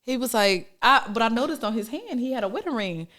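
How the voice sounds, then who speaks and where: A woman's voice: a little high, expressive, brisk, bright, forceful tone. A woman co-hosting a podcast in casual chat, with a laid-back way of talking, many ums and long stories. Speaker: podcast co-host.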